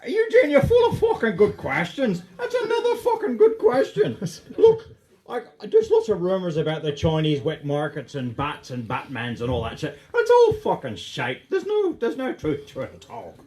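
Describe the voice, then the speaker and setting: A man's voice: a little high, sing-song, moderate pace. A man playing a cocky swearing Irish-tinged virus. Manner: boastful, swearing, put-on Irish lilt. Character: cocky, foul-mouthed male covid virus. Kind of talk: live comedy sketch.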